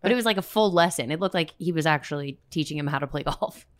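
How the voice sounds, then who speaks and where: A woman's voice: deep voice, quick pace. A woman chiming in with short, wry remarks in a casual chat. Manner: wry, brief interjections.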